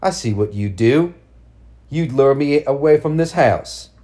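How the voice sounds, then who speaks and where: A man's voice: mid-range voice, expressive, unhurried, dark tone, voice pushed up, close to an everyday voice. A man voicing a mother driven mad by grief, speaking in a cold, bitter, commanding way in a storybook reading.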